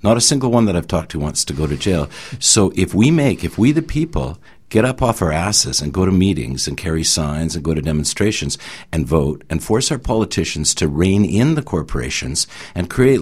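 Deep, husky earnest man. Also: lively intonation, moderate pace. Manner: earnest, persuasive, rambling. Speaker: panelist. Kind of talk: opinionated panel discussion.

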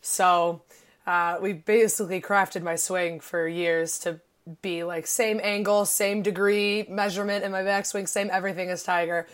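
A woman in her twenties from Illinois co-hosts a casual podcast, speaking at a moderate pace in a fairly low voice. She's excitable and gushing, with lots of "like" fillers.

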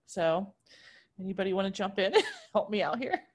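A woman's voice: medium pitch, moderate pace. Chatty woman hosting a podcast. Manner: chatty, laughs easily, fills with um. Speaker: podcast host and arts editor. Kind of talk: casual chat.

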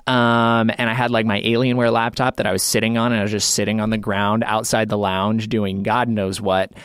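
A man's voice: lowish voice, little pitch movement, a little fast, a bit bright, clear, resonant tone, no echo. A man hosting a podcast in a casual chat, rambling and self-deprecating, with lots of filler words, on a studio mic. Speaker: podcast host.

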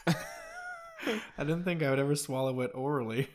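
A woman's voice: a bass voice, moderate pace, a little mellow, slight background noise. A woman co-hosting a casual podcast chat, teasing her co-host and acting out mock quotes.

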